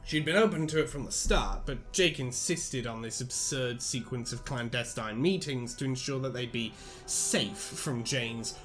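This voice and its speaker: A man's voice: medium pitch, measured pace, soft background music. A young man hosting a casual podcast, chatting and reading narration aloud. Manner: relaxed, swears casually.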